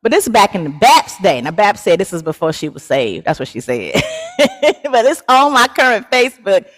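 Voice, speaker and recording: A woman's voice: mid-range voice, big pitch swings, moderate pace, in a large hall. A woman in her forties hosting a casual livestream, chatty and laughing often as she talks straight to her viewers. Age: 40s. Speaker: live show host.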